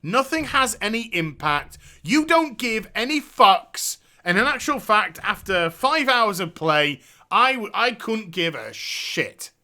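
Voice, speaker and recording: High, animated man ranting sarcastically. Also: slow pace. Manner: profane, sarcastic, exasperated. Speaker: host. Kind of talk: ranting game review.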